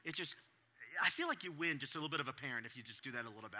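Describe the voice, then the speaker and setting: A middle-aged male pastor giving a sermon to parents, animated and acting out his own reactions in different voices. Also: a little high, rapid-fire.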